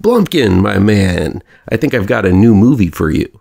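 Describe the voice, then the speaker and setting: A man's voice: lowish voice, sing-song, normal speed, vocal fry, mellow, heavily acted. A man doing a jokey impression of a chummy male studio boss talking on the phone. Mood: chummy breezy.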